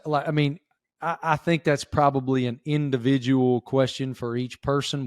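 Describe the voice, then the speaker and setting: A man with an Appalachian Southern accent, a sports reporter chatting as a guest, telling stories in a folksy, animated way. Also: medium pitch, no room sound, clean studio sound. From southwestern Virginia. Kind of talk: casual interview chat.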